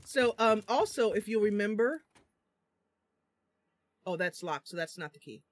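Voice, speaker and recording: A woman's voice: mid-range voice, lively intonation, measured pace, no room sound. A woman livestreaming a role-playing game, chatting casually and laughing often as she reads the dialogue. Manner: giggly, chatty, frequent laughs. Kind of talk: casual gameplay livestream with read-aloud dialogue.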